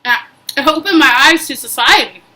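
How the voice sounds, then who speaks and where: A woman's voice: high voice, normal speed, rough recording. A young woman vlogging, telling a personal story in a casual, emphatic way with lots of fillers. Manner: emphatic, animated retelling with frequent fillers.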